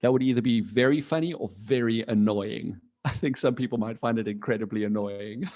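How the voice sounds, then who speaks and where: Man, mid-pitched, for a cheerful online class teacher on a video call. Encouraging, casual, laughs a lot. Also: brisk, a little mellow. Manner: friendly, encouraging, laughs often; casual, with fillers and restarts. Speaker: coding teacher for children.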